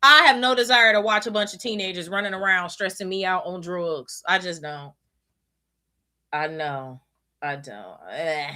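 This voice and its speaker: Brief: woman host, bright voice, blunt profane rant. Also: on the low side, normal speed. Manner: blunt, profane, emphatic ranting. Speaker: podcast host. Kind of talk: casual chat.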